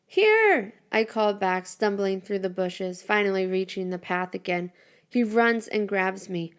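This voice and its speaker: A woman reading a first-person story aloud with an expressive, dramatic delivery. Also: medium pitch, a little slow, clean tone.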